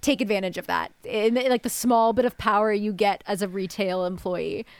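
A woman's voice: medium pitch, steady tone, moderate pace, clear, resonant tone, dry recording. A young woman in her twenties co-hosting a casual podcast chat, talking sarcastically and rambling with lots of "like". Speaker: podcast co-host.

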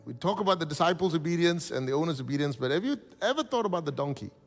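Pastor guy preaching in a big echoey church, soft music under it, voice jumps all over. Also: a little high, very fast, vocal fry. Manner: animated storytelling preacher, calls out congregation responses. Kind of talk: sermon. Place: church hall.

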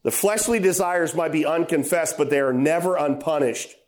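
A middle-aged man preaching a sermon, telling a story with acted quotes and climbing to loud, emphatic high passages. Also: moderate pace.

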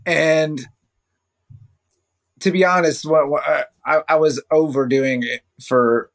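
A man's voice: fairly high pitch, fairly even intonation, slow. A man guest on a podcast, chatting casually with many restarts, fillers and laughs. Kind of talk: casual interview chat.

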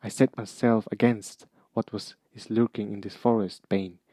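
A man's voice: lowish voice, level tone, dry recording, natural voice. A man voicing a grave young centaur. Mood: fierce. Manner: measured, quiet and formal. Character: solemn young male centaur, grave and protective. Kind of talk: audiobook character reading.

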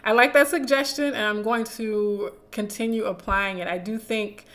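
A woman hosting a livestream who reads affirmations slowly and deliberately, with pauses, then chats warmly with her viewers and laughs easily. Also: mid-range voice, fairly even intonation. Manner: slow, deliberate, soothing reading with pauses. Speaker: livestream host reading affirmations. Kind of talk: slow reading of affirmations, then casual chat with viewers.

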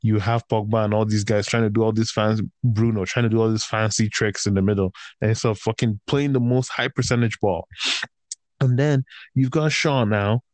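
A man's voice: fairly low pitch, steady tone, fairly quick, darkish tone, no room sound. Man ranting profanely about football. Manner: heated, profane rant with slang like bro. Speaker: podcast host and football fan. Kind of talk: casual chat.

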